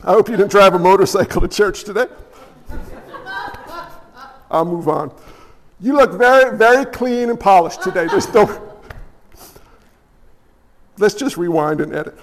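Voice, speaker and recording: A man preaching a sermon in a church, talking in an animated, emphatic and blunt way. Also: high voice, a little slow, long pauses, big-room sound. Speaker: pastor.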